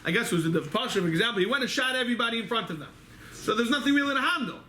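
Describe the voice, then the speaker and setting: A man teaching a Talmud study class, moving quickly through the text and answering his own questions as he goes. He speaks in a synagogue study hall. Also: very high-pitched, expressive, sharp tone, slight background noise. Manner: rapid, quizzing himself with questions. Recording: echoey hall recording.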